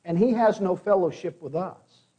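A pastor delivers a sermon in a notably high voice. He speaks earnestly, repeating words as he restarts phrases and pausing for emphasis. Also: mellow, breathy edge, dull audio.

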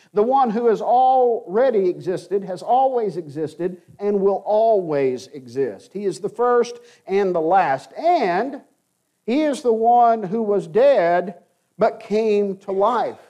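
A man preaching a sermon, earnest and emphatic, slowing down to stress key phrases. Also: high voice, warm tone.

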